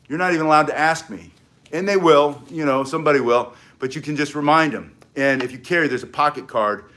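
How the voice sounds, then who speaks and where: A man's voice: a little high, fairly quick, sharp tone. A man teaching self-defense, explaining and demonstrating moves with energy, sometimes moving away from the mic. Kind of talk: demonstration tutorial.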